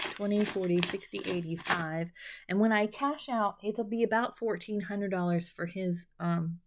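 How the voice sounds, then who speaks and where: A woman's voice: mid-range voice, bright, forceful tone. A middle-aged woman hosting a budgeting video, chatting casually and counting bills half under her breath between asides. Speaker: budgeting channel host. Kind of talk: casual chat while counting cash.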